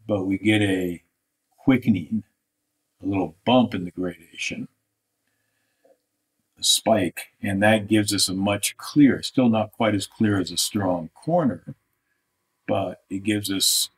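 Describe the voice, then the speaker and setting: A man's voice: deep voice, fairly bright tone. A man giving a live online art critique, thinking aloud as he draws, with restarts. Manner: thinking aloud, restarts, talks over drawing on screen. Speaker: art instructor.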